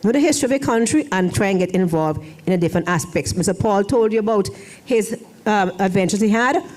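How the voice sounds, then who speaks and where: A woman's voice: mid-range voice, lively intonation, fast talker, a little mellow. A middle-aged woman, a former foreign language officer, giving a rambling ceremony speech in a church hall with many restarts. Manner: rambling, repeats and restarts phrases.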